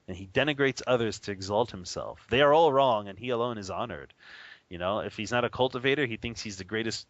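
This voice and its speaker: A man teaching about Buddhist practice in a casual, animated way, often laughing and acting out the people he quotes. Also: fairly low pitch, fast, dry recording, dull audio. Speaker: Buddhist teacher on a radio show.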